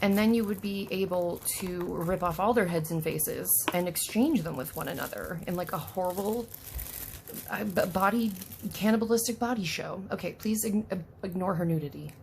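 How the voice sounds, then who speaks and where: A woman's voice: on the low side, normal speed, vocal fry, a little mellow, slight background noise. A woman hosting a casual unboxing video, chatty and self-deprecating, talking to the doll as she works. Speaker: unboxing vlogger.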